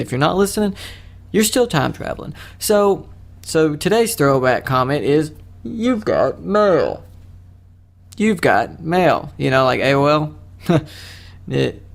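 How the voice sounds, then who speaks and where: A young man with a slightly high voice rambles through a solo podcast, joking crudely at his own expense. His talk is loose and casual, full of restarts and asides. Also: vocal fry. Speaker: podcast host.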